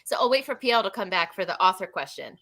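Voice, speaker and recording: A young woman in her twenties hosts a relaxed group chat. Her voice is bright and crisp, and her pitch sits in a middle range. She talks in a chatty way, trailing off and restarting as she goes. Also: quick pace. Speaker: podcast host.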